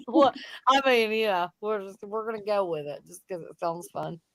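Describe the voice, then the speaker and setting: A woman with a Tennessee accent hosting a casual co-stream, playful and quick to laugh. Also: mid-range voice, lively intonation, dry recording. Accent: Southern US, Tennessee. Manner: playful, laughing, affectionate teasing. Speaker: livestream host.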